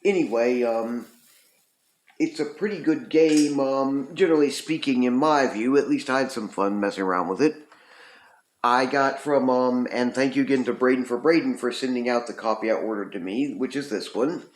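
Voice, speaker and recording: A man's voice: medium pitch, normal speed. A man casually reviewing a retro video game, rambling with lots of ums and uhs. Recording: roomy echo.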